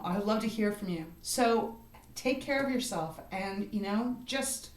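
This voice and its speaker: A woman's voice: medium pitch, a little slow, reverberant. A woman giving a tarot reading for a star sign, talking straight to the listener in an earnest, encouraging way and often adding "you know" and "right". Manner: repeats herself, with frequent "you know" and "right". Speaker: tarot card reader.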